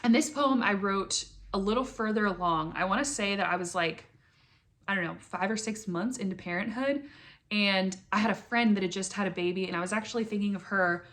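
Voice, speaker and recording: An earnest young woman speaks candidly to camera in a casual personal vlog. She talks at a middling pitch, with fillers and soft laughs, and sounds close to tears at times. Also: brisk. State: emotional, near tears. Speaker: vlogger.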